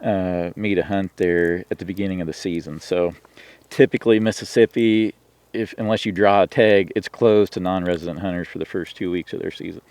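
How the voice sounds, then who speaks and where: Rambling low-voiced man telling stories. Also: steady tone, fairly quick, a little mellow, no room sound. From Washington State, US. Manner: rambling, lots of "you know" and restarts. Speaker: podcast guest, turkey hunter. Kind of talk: casual storytelling conversation.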